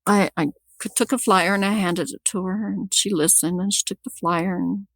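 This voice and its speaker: Gravelly woman recounting her own story. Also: medium pitch, fairly even intonation, no echo. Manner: halting, repeats words as she restarts. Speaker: podcast guest telling her story. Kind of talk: personal storytelling.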